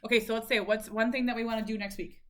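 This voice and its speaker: A woman talking with her son, soft and encouraging, breaking into playful high exclamations now and then. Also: flat delivery, rapid-fire. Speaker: mother of the child in the video. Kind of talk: gentle coaxing talk to her son, and a casual talk to camera.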